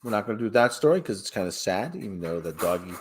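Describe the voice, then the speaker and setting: A man's voice: fairly low pitch, sing-song, quick pace, slight background noise. A man hosting a casual livestream who chats loosely and reads news stories aloud, rambling and tripping over words as he goes. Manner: rambling, stumbles over words while reading. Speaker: livestream host.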